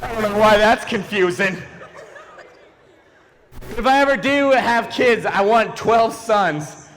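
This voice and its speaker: A man doing stand-up comedy in a church hall, animated and quick to switch into voices for the people he quotes. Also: sits high. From Philadelphia. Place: large church hall before a live audience. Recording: echoey hall.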